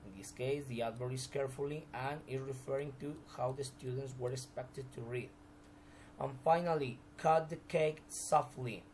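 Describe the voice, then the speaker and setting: A man's voice: mid-range voice, steady tone, moderate pace, a little mellow, a little hiss or hum, rough recording. A man teaching a recorded grammar lesson, explaining examples step by step with frequent restarts.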